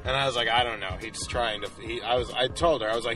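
A man's voice: on the low side, fairly even intonation, quick pace, few pauses, over music. A young man casually telling a rambling, profane story full of "like," as a podcast co-host. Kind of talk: casual chat.

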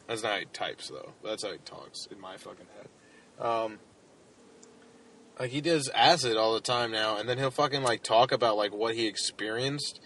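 A man's voice: lowish voice, moderate pace, fairly bright tone, a little hiss or hum. Rambling young man on a crude podcast. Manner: rambling, filler-heavy, laughing at own jokes. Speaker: podcast co-host. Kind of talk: crude comedic banter.

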